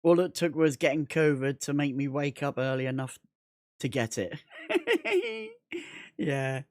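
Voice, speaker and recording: A man's voice: on the high side, big pitch swings, a little slow, no room sound, studio quality. A man chatting casually on a gaming livestream, rambling, repeating himself and swearing constantly. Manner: rambling, repetitive, heavy swearing.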